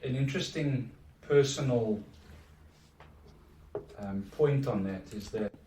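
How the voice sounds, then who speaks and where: A middle-aged man talks through his story on a podcast in a reflective, earnest way, often restarting his sentences. His voice sits at an ordinary pitch. The room is echoey and he sounds a bit away from the microphone. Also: takes it slowly, dark tone, slight background noise. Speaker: podcast guest. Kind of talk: casual conversation. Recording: echoey room, distant from mic.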